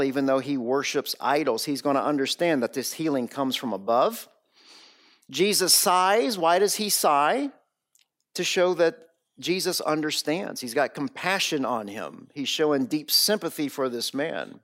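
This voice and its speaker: A man's voice: a little high, fairly bright tone. A man preaching an expository sermon. He is emphatic, repeats his phrases for weight and keeps asking the listeners rhetorical questions.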